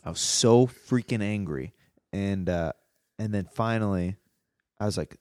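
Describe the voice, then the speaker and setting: A young man co-hosting a podcast, telling a story in a casual, animated, worked-up way. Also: fairly low pitch, unhurried, no echo, studio quality. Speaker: podcast co-host.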